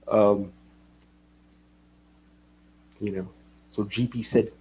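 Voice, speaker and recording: A man's voice: on the low side, a little slow, pauses often, a little hiss or hum. A man hosting a livestream, rambling casually, swearing and reading chat comments aloud. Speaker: livestream host.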